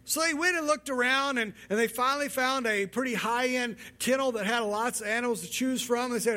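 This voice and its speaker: Pastor guy with a really high voice, preaching, animated storyteller, trips over words a bit. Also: a little fast, few pauses. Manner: storytelling, animated, repeats words while speaking. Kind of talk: sermon with a told joke.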